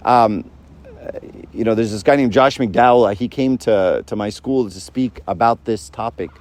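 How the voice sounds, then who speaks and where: Middle-aged male speaker, casual faith talk, keeps checking in with "right?", acts out quotes, mid pitch. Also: moderate pace. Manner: conversational, keeps asking "right?".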